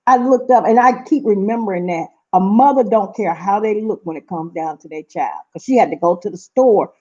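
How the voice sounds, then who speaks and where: A woman's voice: medium pitch, brisk, warm tone, lo-fi sound. A middle-aged woman from Seattle telling stories to camera in a casual vlog, talking emphatically and repeating herself. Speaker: vlogger.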